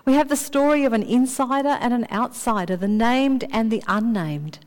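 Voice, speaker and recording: A woman's voice: a little high, a little mellow. Woman preaching in a reverberant hall. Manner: measured, slowing on key phrases for emphasis. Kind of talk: sermon. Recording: long reverb of a large hall.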